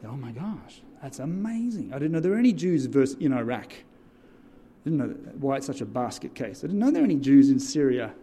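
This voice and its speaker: A church deacon with a medium-pitched voice speaks fairly quickly, animatedly telling a story in a sermon and drawing answers from his listeners in call-and-response. A little hiss or hum is audible.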